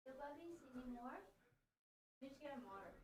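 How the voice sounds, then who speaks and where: A woman's voice: sits high, lively intonation, fast talker. A woman making casual offhand remarks off-camera, away from the mic. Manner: offhand remarks from across the room. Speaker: off-camera companion. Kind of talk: casual background chat. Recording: distant, roomy off-mic sound.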